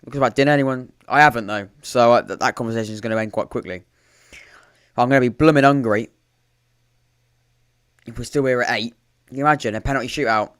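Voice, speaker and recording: This man's mid-range voice is slightly bright and clean, moving quickly but pausing often. He hosts a live football watchalong for a podcast, chatting loosely through the match. Restarts, self-interruptions, and dry sarcastic asides run throughout.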